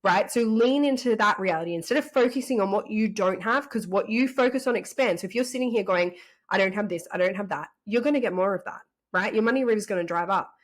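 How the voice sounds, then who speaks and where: A woman's voice: medium pitch, fast, few pauses. Woman, podcast guest, casual conversation, enthusiastic. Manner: enthusiastic, repeats rhetorical questions.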